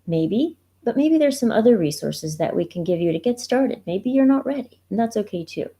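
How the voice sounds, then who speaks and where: A woman coach speaking on a live stream, gently walking viewers through her resources and talking about grief in a reassuring way that asks them questions. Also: mid-range voice, lively intonation, normal speed. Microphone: computer mic, browser livestream.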